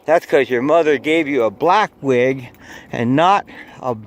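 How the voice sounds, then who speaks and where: A man's voice: medium pitch, a little slow. A man chatting casually to his viewers while he hikes outdoors, filming on his phone and rambling from one memory to the next. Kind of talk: casual hiking vlog narration. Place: outdoors on a hillside trail overlooking a city. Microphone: phone camera held while hiking.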